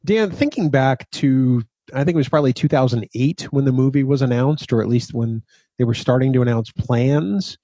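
Measured male podcast co-host. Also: medium pitch, mellow, no echo. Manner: measured, plain-spoken, reads promos. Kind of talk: casual chat.

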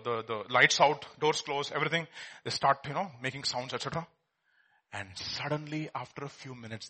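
Husky-voiced preacher swinging hushed to loud. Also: male voice, medium pitch. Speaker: pastor. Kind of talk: sermon.

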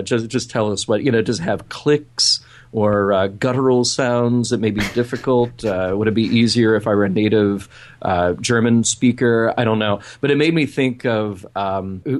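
A man co-hosting a podcast in casual chat, easygoing and amused, talking in quick bursts. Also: on the low side. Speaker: podcast co-host.

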